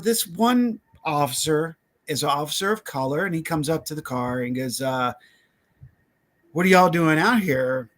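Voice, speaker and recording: Man, podcast guest, lively raconteur who acts out quotes; a touch higher voice. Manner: animated, acts out quoted voices, laughs often. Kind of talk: casual storytelling.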